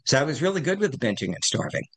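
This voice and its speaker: A man's voice: medium pitch, very animated, very fast, husky. A man in his sixties telling his recovery story at a support meeting, rambling and self-deprecating. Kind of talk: personal recovery share.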